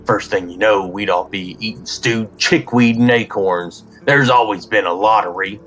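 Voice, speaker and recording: A man's voice: on the low side, normal speed, fairly bright tone, faint music behind, lightly acted. A man voicing a stubborn old village man who grumbles scornfully about young people and tradition. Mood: grumbling. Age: older. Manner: petulant, stout, scornful.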